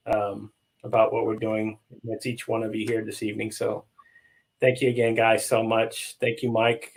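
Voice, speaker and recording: A man hosting a live online roundtable, thanking his guests and viewers with effusive, heartfelt warmth. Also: mid-range voice, a little hiss or hum, low-quality recording. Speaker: host.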